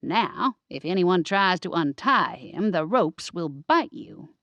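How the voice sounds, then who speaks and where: A woman voicing a brisk, commanding older woman giving orders in an audiobook. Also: on the low side, big pitch swings, fairly bright tone, dry recording, exaggerated voice.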